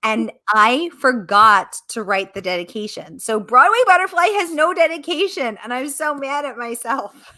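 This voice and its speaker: A middle-aged woman author answering questions in a casual livestream Q&A, animated and exclamatory, breaking into quick laughs. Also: high voice. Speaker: author being interviewed.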